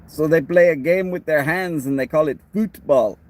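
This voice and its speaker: A man's voice: a little high, normal speed, darkish tone, lightly acted. A man with a Texan accent putting on a mock-indignant Englishman who grumbles in an exaggerated, blustery way. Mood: mock scorn. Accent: Texan, attempting English.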